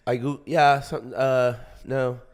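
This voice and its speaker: A man's voice: medium pitch, steady tone, measured pace. A man hosting a casual podcast chat, joking around and laughing often. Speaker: podcast host. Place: podcast studio.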